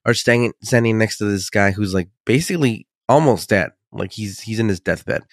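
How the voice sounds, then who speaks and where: A man co-hosting a podcast, recapping an episode in animated, profane casual chat. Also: on the low side, normal speed, dry recording, clean studio sound. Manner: profane, animated storytelling with restarts. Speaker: podcast co-host.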